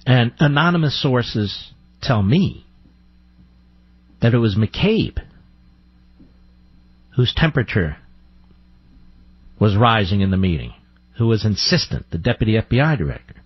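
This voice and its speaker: A man's voice: lowish voice, lively intonation, measured pace, long pauses, husky, no echo, lo-fi sound. A male radio talk show host giving combative, sarcastic commentary, firing off rhetorical questions. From United States.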